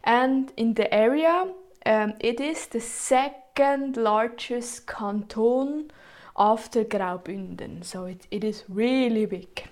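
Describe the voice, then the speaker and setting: Young woman, Swiss German accent, unhurried delivery, hesitant with many ums, informal presentation. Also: fairly high pitch, darkish tone. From Switzerland.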